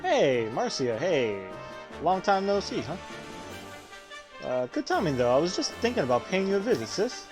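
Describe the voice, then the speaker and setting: A man's voice: high voice, very animated, normal speed, music in the background, pitched above the performer's own voice. A man voicing a sheepish, irresponsible man in debt who wheedles and makes excuses. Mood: wheedling.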